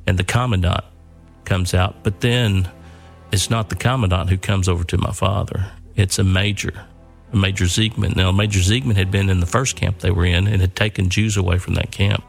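Gravelly deep-voiced older man telling a story. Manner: earnest, halting with repeated words. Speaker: son telling his father's war story.

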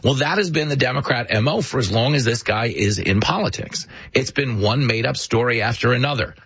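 Husky male host, lively delivery, mocking political commentary, dry dull studio sound. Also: mid-range voice, brisk, no echo. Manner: animated, mocking storyteller. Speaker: show host.

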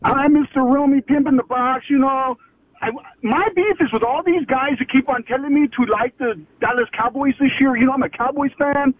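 A man with a strikingly high voice calls in to a radio show over a thin phone line. He meanders from point to point, padding his talk with fillers. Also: moderate pace. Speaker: caller.

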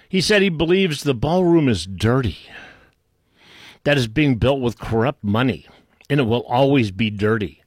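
A man's voice: mid-range voice, lively intonation, moderate pace, dry recording, studio quality. A man giving an unscripted political rant, scornful and insulting, rambling with frequent restarts. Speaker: political commentator.

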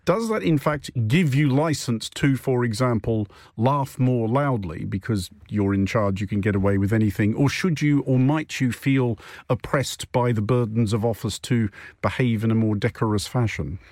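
A man's voice: mid-range voice, normal speed, darkish tone, no room sound. Wry man hosting a panel game. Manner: dry, wry quips. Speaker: radio show host. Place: studio.

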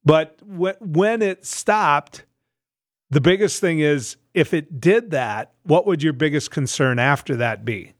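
A man's voice: a little high, lively intonation, takes it slowly, dry recording, clean studio sound. A man co-hosting a radio show in casual banter, telling a rambling story with restarts and laughs.

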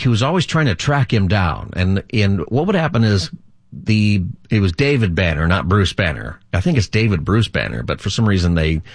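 A man's voice: low voice, dry recording, clean studio sound. A middle-aged man hosting a call-in radio talk show as a pastor, rambling and chatty, laughing easily.

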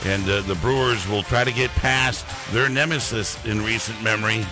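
A man's voice: fairly low pitch, fairly even intonation, moderate pace, over music. A man hosting a sports radio segment, talking in a conversational, rambling way.

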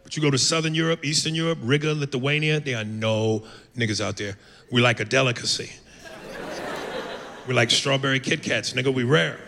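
A man doing a brash, profane stand-up set on a comedy club stage, with loud acted-out voices. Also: mid-range voice, a little fast, vocal fry, crowd noise. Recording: live club with long reverb, noisy.

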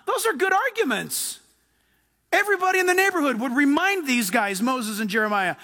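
A man's voice: extremely high pitch, very animated, a little fast, pushed and bright. A man preaching a sermon to his congregation, emphatic, acting out the people in the scriptures he quotes. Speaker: pastor. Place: church before a live congregation. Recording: long hall reverb.

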